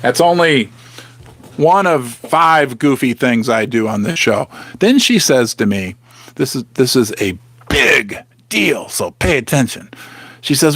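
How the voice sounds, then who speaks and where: A man's voice: medium pitch, big pitch swings, measured pace, fairly bright tone, slightly rough, no echo. A middle-aged man hosting a casual livestream, rambling and restarting his sentences while he thanks viewers. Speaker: livestream host.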